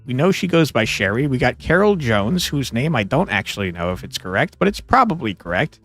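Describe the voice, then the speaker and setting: A man playing a detective puzzle game and talking through it, excitable, swinging between muttering and yelling. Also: mid-range voice, brisk, soft background music. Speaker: gaming streamer. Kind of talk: let's play commentary.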